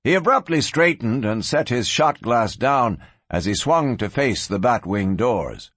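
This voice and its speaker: A man narrating a western audiobook in an expressive, varied storytelling voice. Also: mid-range voice, a little slow, dry recording.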